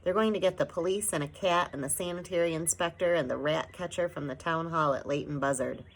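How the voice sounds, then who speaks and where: Woman playing a weary, flat little father. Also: low-pitched, brisk, poor audio. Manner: tired, flat and expressionless. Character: weary stern tiny father borrower. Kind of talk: audiobook reading.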